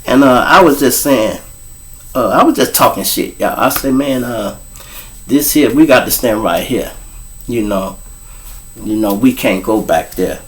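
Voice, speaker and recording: A middle-aged Chicago man spins a casual, profane story for his audience. His pitch swings up and down as he goes, and he keeps turning to talk straight at his listeners. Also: animated, unhurried, pauses often, slight background noise. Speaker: show host.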